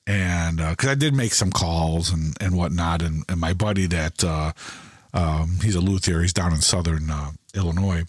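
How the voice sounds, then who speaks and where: A man's voice: deep voice, moderate pace, no room sound, studio quality. A middle-aged man chatting casually on a podcast, telling a rambling story and acting out both sides of the conversations. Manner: loose, rambling delivery with many restarts. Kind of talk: casual podcast chat about guitars.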